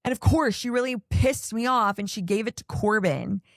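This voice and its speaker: A woman's voice: a little high, moderate pace, dry recording, studio quality. A woman hosting a podcast, recapping reality TV in an exasperated, rambling way, full of "like" and "I don't know". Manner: exasperated, opinionated ranting. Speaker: podcast host. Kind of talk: casual reality TV recap chat.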